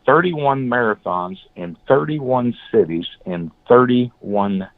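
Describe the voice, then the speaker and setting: A man guest in an interview, telling blunt, animated stories and acting out what others said. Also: medium pitch, slow. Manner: blunt, animated storyteller, acts out quotes. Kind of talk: storytelling in an interview. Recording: phone-like, dry call audio.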